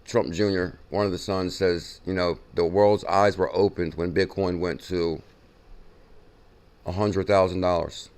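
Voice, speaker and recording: A man hosting a casual crypto news show, reacting excitedly and repeating figures from a clip he plays. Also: deep voice, a little slow. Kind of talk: casual chat.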